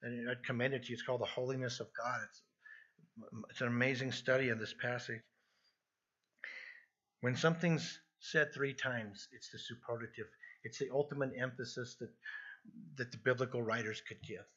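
A man's voice: mid-range voice, fairly even intonation, normal speed, fairly bright tone, breathy edge, muffled recording. A man preaching an earnest expository sermon, emphatic and prone to restarting his phrases. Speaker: pastor.

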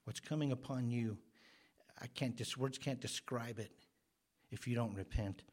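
A man preaching a sermon as pastor, earnest and emphatic, growing louder on the words he stresses. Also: mid-range voice, moderate pace.

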